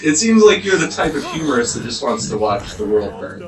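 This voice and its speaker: A man's voice: medium pitch, sing-song, a little fast. A man deadpanning through a comedic interview, pressing his guest with questions. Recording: roomy, distant, under game music.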